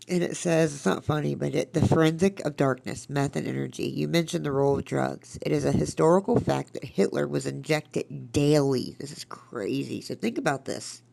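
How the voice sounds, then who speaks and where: A woman with a very low, heavily gravelly and husky voice, chatting on her podcast. She rambles, restarts her sentences and drifts between thoughts in a casual, confiding way. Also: warm tone. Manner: rambling, self-interrupting, chatty. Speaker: podcast host. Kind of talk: casual chat.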